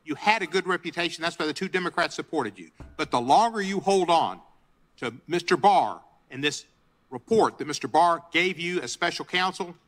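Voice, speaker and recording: A man's voice: fairly high pitch, lively intonation, moderate pace, fairly bright tone. A man questioning a witness at a hearing in a pointed, scolding way. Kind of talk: hearing testimony exchange.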